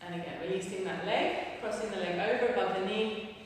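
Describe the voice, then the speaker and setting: A woman's voice: mid-range voice, a little fast. A woman fitness instructor leading a live workout class, a little out of breath, encouraging and counting down the reps. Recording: roomy echo, distant from the mic, faint noise.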